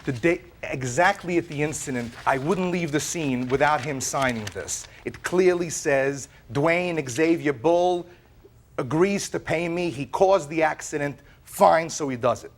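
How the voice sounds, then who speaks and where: A man with a fairly high voice tells his side in a courtroom. He is animated and tumbles over his words, repeating himself as he rushes through the story. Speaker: plaintiff in a TV courtroom.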